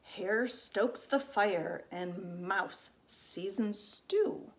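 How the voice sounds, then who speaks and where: A woman teacher reading a picture book aloud to young children, expressive and asking them questions along the way. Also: medium pitch, drawn-out words, slight background noise. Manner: lively, expressive, asks listeners questions.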